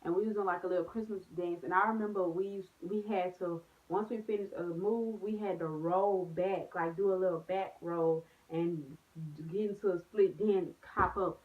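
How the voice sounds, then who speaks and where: A woman's voice: fairly low pitch, normal speed. A young woman chatting casually in a vlog, telling stories with lots of slang and "like"s. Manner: animated storytelling with slang and many "like"s. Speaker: vlogger. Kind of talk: storytime vlog, casual chat. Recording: phone-like narrow sound.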